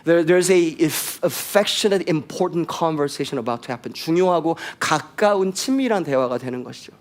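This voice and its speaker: Male pastor, rapid-fire emphatic bilingual sermon, slightly high voice. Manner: switches between English and Korean, lively and emphatic.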